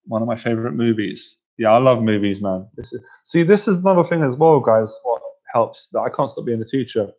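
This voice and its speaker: A man's voice: medium pitch, expressive, fairly quick, darkish tone. A man coaching a group on dating, in a chatty, playful way with frequent laughter. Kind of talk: casual coaching talk to a group. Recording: dull lo-fi recording.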